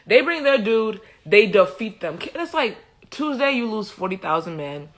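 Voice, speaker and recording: A young woman hosting a livestream, retelling a Bible story in a humorous, slangy, animated way into a phone mic. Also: mid-range voice, normal speed, few pauses. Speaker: host. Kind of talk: casual Bible study retelling.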